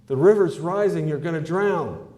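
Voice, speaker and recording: Man voicing a sheriff's officer, urgent, loud, high, pressing. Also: normal speed, reverberant, natural voice. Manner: loud, pressing, raised pitch.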